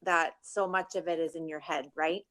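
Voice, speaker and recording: A woman's voice: deep voice, steady tone, normal speed, sharp tone. A woman in a coaching group offering her thoughts tentatively. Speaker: group member. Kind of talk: casual chat.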